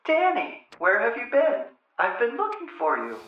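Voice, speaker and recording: A man's voice: mid-range voice, sing-song, normal speed, echoey room, highs cut off, voice pushed up, lightly acted. A man voicing his teasing mother, in a raised, mock-astonished put-on voice. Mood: mock surprised. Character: sly teasing mother playing a trick.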